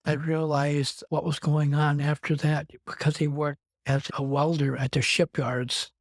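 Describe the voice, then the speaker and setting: Flat, dry-voiced man telling his story. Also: on the high side, measured pace, no echo. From Wisconsin, USA. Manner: rambling, conversational, strings clauses with "and". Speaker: interview guest. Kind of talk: personal storytelling in an interview.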